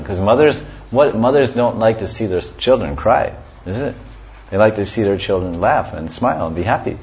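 A man's voice: lowish voice, animated, moderate pace. A man giving a scripture class, explaining verses and sometimes chanting them. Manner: explanatory, often chants verses and laughs softly. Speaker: religious teacher. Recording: dull lo-fi recording.

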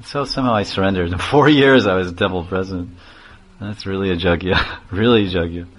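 A man's voice: low voice, fairly quick. Chatty man giving a storytelling sermon. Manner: chatty, laughing, digressive. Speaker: spiritual teacher.

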